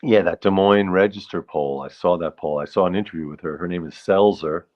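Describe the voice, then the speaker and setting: Very deep-voiced man chatting on a livestream. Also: a little fast, lo-fi sound. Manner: rambling, reads out viewer comments. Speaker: livestream host. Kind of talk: casual chat with viewers.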